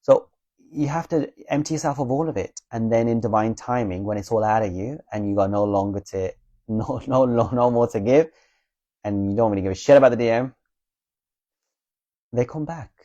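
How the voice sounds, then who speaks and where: A man's voice: mid-range voice, moderate pace, warm tone, no echo, highs cut off. A man speaking casually and earnestly to viewers about spiritual healing, reassuring them, checking in with "okay?" and swearing bluntly now and then. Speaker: spiritual advice creator.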